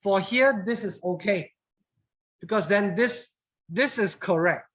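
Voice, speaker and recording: High-voiced man teaching English grammar. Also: takes it slowly, a bit bright. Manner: patient, repeats phrases, mixes in Mandarin words. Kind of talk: classroom grammar lesson.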